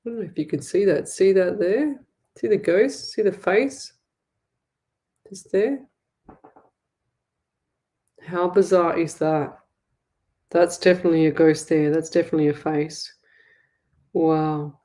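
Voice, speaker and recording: A woman from Australia hosting a live psychic show, reading viewer comments aloud and exclaiming excitedly, with frequent laughs and affectionate asides. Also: lowish voice, a little slow, long pauses.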